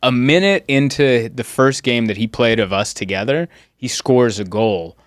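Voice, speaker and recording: A man in his thirties hosting a podcast, telling stories in a casual, animated way. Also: medium pitch, moderate pace, dry recording, studio quality. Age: 30s. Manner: animated storyteller, jumps into loud excited voices. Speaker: comedian podcast host. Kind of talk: casual chat.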